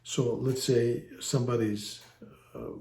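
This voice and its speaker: Slow, gravelly man teaching with wry jokes. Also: mid-range voice, fairly even intonation, a little mellow. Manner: wry, joking asides. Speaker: language teacher. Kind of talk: casual online lesson. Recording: echoey room.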